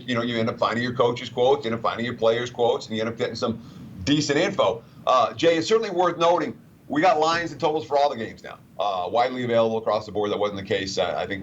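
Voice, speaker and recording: A man's voice: mid-range voice, a little fast, highs cut off. A man giving sports betting analysis in a chatty, conversational way. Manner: chatty, reads out quotes.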